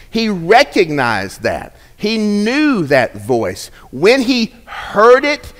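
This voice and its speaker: A man preaching a sermon in a slightly higher voice, his words carrying a long reverberant tail. He drops to hushed, slowed phrases, then rises to emphatic, raised lines. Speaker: pastor.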